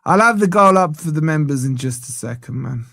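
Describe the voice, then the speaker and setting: A man's voice: on the high side, animated, brisk, gravelly, a bit bright, no echo. A man hosting a fan channel, giving live watch-along commentary on a match from a studio, ranting in exasperation and tagging "man" onto nearly every line.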